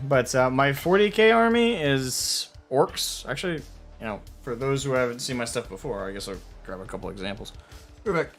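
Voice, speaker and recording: A man in his ordinary middle register hosts a laid-back chat as he paints miniatures. He talks in a relaxed, chatty way, pausing with small fillers. Faint music plays underneath. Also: mid-range voice. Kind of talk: casual chat while painting.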